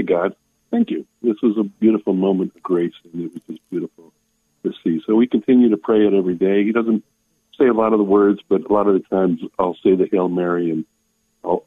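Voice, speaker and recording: An older man calls in over a tinny phone line with a deep, husky voice. He talks in a heartfelt, halting way, pausing often. The sound is dry and thin. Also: no room sound. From Maryland. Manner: heartfelt, hesitant, choked up. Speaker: radio caller.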